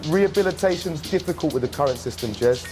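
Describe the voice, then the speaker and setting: An actor playing a crude, cheerful ex-convict with a laddish, matter-of-fact manner. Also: male voice, on the high side, animated, fast, loud music behind the voice, natural voice. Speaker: interviewee.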